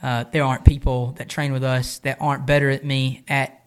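A man talking casually on a podcast about coaching and training, relaxed and rambling with a self-deprecating manner. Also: medium pitch, fairly quick, smooth. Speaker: podcast guest, jiu-jitsu coach. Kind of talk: casual chat.

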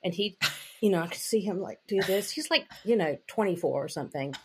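There's background noise as a medium-pitched woman speaks briskly with lively intonation. She's an intimacy coach being interviewed, sharing candid personal stories conversationally and filling them with "like" and "you know."

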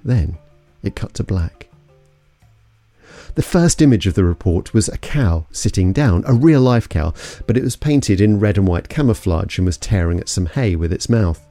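Low, mellow male storyteller. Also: animated, normal speed, dry recording, faint music behind. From London. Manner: suspenseful storytelling. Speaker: podcast narrator. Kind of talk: scripted investigative narration.

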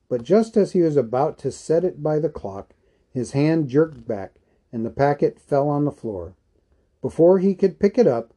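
A man reading a novel aloud in a measured, even storytelling manner. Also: mid-range voice, husky. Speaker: audiobook reader.

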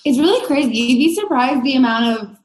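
A woman's voice: high voice, animated, a little fast. A woman guest on a podcast interview, talking in an earnest, emphatic way. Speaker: guest, brand co-founder. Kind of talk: casual interview chat. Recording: echoey room.

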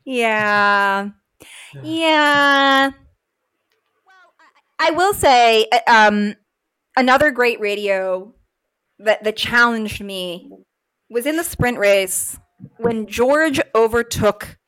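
A woman co-hosting a casual sports podcast, animated and laughing, acting out quotes as she talks. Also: fairly high pitch, extremely slow, long pauses, clean tone. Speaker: podcast co-host. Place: room at home. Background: sirens outside window.

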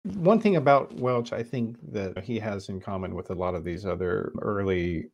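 Gravelly low-voiced male podcast host. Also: normal speed, darkish tone. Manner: conversational, thinking aloud. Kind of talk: podcast interview.

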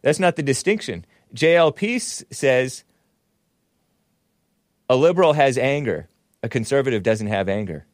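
Man, talk show host, sarcastic and mocking, mid-pitched voice, dry close sound. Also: lively intonation, moderate pace, pauses often, no echo. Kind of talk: casual commentary reading chat comments.

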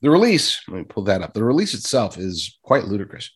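A man's voice: on the low side, sing-song, fairly quick, slightly rough. A man giving sarcastic, rambling political commentary and addressing his listeners directly. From United States.

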